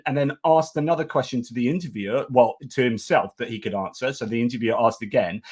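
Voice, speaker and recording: A man hosting an online show, ranting in animated commentary. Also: medium pitch, quick pace, hardly any pauses, breathy edge. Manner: ranting, excitable. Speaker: host.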